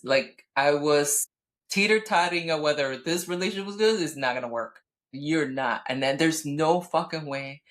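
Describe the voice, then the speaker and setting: Telling a personal story on the podcast she co-hosts, a woman in her thirties chats casually but bluntly, with plenty of profanity and animated bursts. Her voice sits low and keeps a moderate pace.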